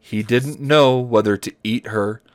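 A man on a comedy podcast reads a story aloud in a deadpan way, breaking off now and then to pick apart the wording. His voice sits at an ordinary middle pitch. The recording is close and dry, with no room sound. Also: a little slow, dry recording. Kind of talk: comedic read-aloud with banter.

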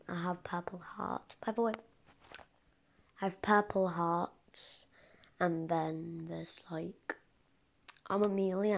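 A woman's voice: fairly low pitch, vocal fry, a little mellow. A teenage girl hosting a casual solo podcast, rambling and often dropping into a whisper. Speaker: podcast host. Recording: dull lo-fi recording with faint hiss.

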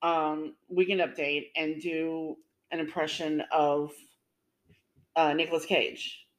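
A woman with a somewhat low voice chats casually on a podcast. She tells stories in a rambling way, full of fillers and restarts. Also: level tone, slow pace, rough recording. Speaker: podcast co-host. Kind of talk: casual chat.

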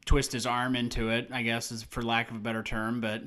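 A man with a bright, forceful voice chats casually on a movie podcast. He tells animated stories, laughs often and slips into quoting people. His pitch sits in the middle range. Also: a little fast. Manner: animated storytelling, laughs often, acts out quotes. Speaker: podcast co-host.

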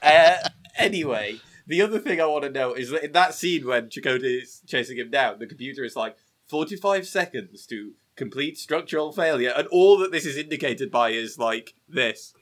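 Male podcast co-host, bright tone, wry and teasing. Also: mid-range voice, lively intonation, brisk, few pauses. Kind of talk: casual chat. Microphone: webcam setup.

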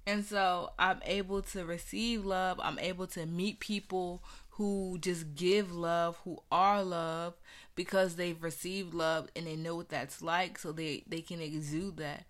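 A woman's voice: fairly low pitch, steady tone, a little slow. A young woman sharing her personal faith story in an earnest, conversational way, with many casual fillers.

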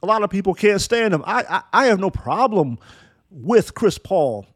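A man's voice: sits high, very animated, moderate pace, no room sound. A man hosting a casual sports talk show, ranting bluntly and sarcastically, with swearing and frequent restarts. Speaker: basketball podcast host. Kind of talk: casual opinionated sports rant.

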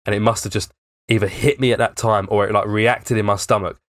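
A man's voice: on the low side, fairly even intonation, brisk, a bit bright, dry recording, studio quality. Rambling, sweary young man. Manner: rambling storyteller, lots of swearing and fillers. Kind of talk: casual chat.

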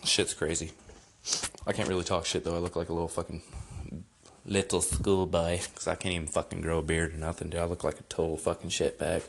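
A man's voice: deep voice, a little hiss or hum. Profane, rambling young male podcast host. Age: 20s. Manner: profane, loose, drinking beer while talking. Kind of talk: casual comedic rant.

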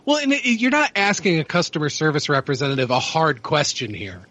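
A man's voice: fairly high pitch, lively intonation, a little fast, bright, forceful tone. A man chiming in with sarcastic, swearing remarks in casual chat.

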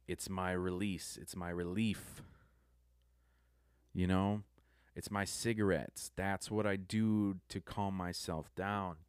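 A man's voice: low voice, clean tone, no room sound, clean studio sound. A young adult man giving a subdued, rambling confessional monologue that halts and restarts often. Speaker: vlogger.

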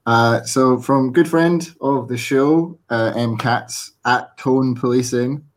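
A man hosting a casual podcast, briskly moving the show along. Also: mid-range voice. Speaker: podcast host.

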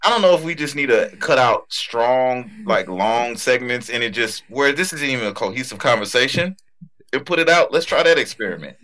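Male podcast co-host, forceful bright voice, rambling and crude, big on shout-outs. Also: medium pitch, expressive, brisk. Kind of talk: casual podcast chat.

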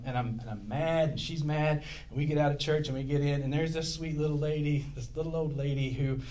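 A middle-aged male pastor preaching to his church, chatty and prone to side stories and jokes at his own expense. His voice sits a bit high for a man. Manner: rambling, digressive, self-deprecating humor. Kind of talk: sermon. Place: church with a congregation.

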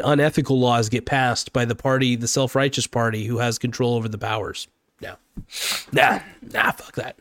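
A man rants into a close mic, angry and rambling, swearing often. His voice sits in a middle pitch and sounds dry, with no room echo at all. It is an unscripted, heated vlog monologue. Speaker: political vlogger. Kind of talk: unscripted political rant.

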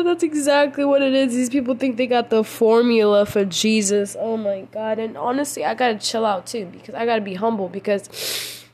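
A tired young woman with a slightly high voice hosts a casual faith podcast deep into the night. She rambles emotionally, full of slang, false starts and repeated words. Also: fairly even intonation, moderate pace, a little mellow, a little hiss or hum. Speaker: podcast host.

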